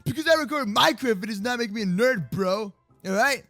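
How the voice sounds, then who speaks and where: A man hosting a playful Minecraft roleplay video, excitable and joking, full of slang. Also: extremely high pitch, brisk, no echo, soft background music. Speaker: roleplay host.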